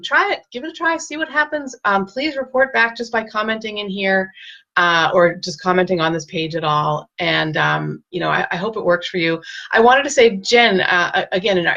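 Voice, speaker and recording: A woman hosting a casual live-stream with parenting advice, speaking gently and reassuringly and greeting viewers by name. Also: mid-range voice, moderate pace, muffled recording.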